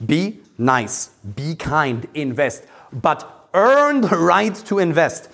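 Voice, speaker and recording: A man giving an emphatic live talk to a small audience as a dating coach, swinging between loud passion and calm asides. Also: on the high side, takes it slowly, vocal fry.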